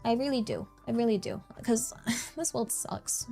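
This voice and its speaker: A woman streamer in casual chat, soft and rambling, self-deprecating and laughing often. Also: a little high, normal speed, gravelly. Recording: faint music behind.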